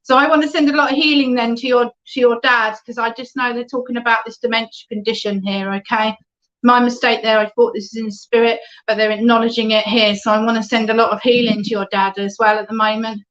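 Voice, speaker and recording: Chatty medium with a lo-fi sound. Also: female voice, a little high, flat delivery, a little fast, a bit bright. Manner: chatty, reads out viewer comments, often adds "okay?". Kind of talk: online spiritualist reading. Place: at home, online service. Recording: dull lo-fi online stream audio.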